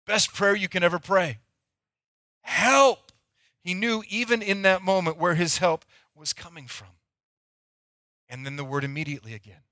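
A man preaches to his church with a bright, slightly high voice, swinging between loud, pleading bursts and hushed, close-to-whisper moments. The sound is dry and close. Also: no room sound. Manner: dynamic preaching, swinging from loud acted pleas to near-whispers. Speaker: pastor. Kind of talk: sermon.

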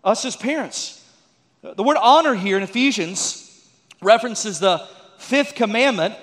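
A man's voice: high-pitched, in a large hall. A man preaching a folksy sermon as a pastor, with joking asides and calls to the congregation.

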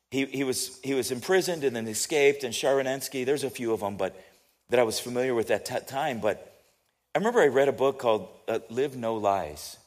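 Animated American man telling a story. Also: mid-range voice. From United States. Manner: animated, chatty storyteller who asks listeners questions. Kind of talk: storytelling sermon.

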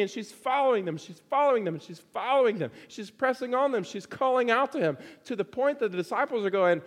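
A man's voice: very high-pitched, animated, quick pace, few pauses, big-room sound. A man preaching a sermon to his congregation, emphatic and fond of repeating phrases for stress.

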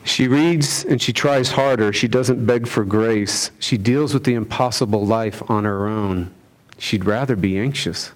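A man preaching a sermon, driving his points home with rhetorical questions and swinging between loud emphasis and hushed lines. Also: on the low side, unhurried. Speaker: pastor.

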